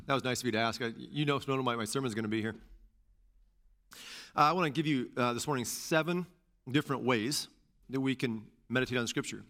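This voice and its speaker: With a mid-range male voice, this preacher gives an animated sermon that feels like a conversation. He leans on repeated phrases for emphasis and slips in offhand remarks.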